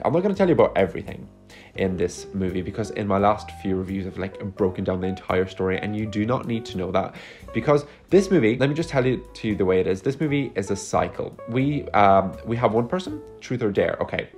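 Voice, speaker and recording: A man's voice: fairly low pitch, darkish tone. Chatty, sarcastic man reviewing a movie. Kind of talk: casual vlog movie review. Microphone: phone microphone.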